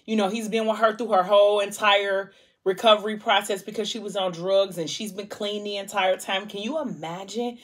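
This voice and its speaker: A woman's voice: medium pitch, fairly even intonation, moderate pace. Emotional woman recapping a book. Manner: emotional retelling of a story, voice dropping soft at sad parts. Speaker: vlog host discussing a book. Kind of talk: casual book chat while eating. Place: home.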